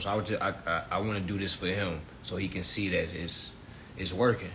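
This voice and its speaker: A man's voice: deep voice, fast talker, fairly bright tone, a little hiss or hum. A man hosting a live stream, ranting bluntly and profanely, then coaching viewers step by step.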